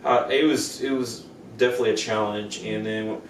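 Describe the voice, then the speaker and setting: During a casual storytelling chat, a man co-hosting a podcast brings his tales to life by mimicking the people he quotes. His voice is on the low side at a normal speed, captured by a distant mic in an echoey room with faint noise.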